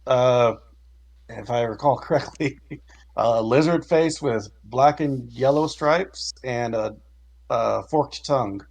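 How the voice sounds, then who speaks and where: A man's voice: mid-range voice, slow pace, creaky, darkish tone. A man speaking as his character in a tabletop game, hesitant, with fillers. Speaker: player.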